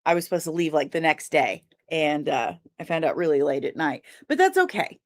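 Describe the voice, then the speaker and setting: A woman's voice: sits low, sing-song, a little fast. A young woman hosting a casual livestream, chatting and greeting viewers by name, with easy laughs. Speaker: livestream host.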